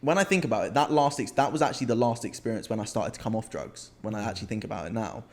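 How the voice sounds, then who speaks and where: Young uk man, podcast co-host, animated storyteller, repeats himself, casual chat. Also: on the low side, racing. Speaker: podcast co-host, men's coach.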